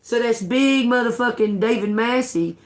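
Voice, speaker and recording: A woman, a tarot reader telling a story on a live stream in a heated, swearing, animated rant. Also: fairly high pitch, normal speed. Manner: profane, heated, animated retelling.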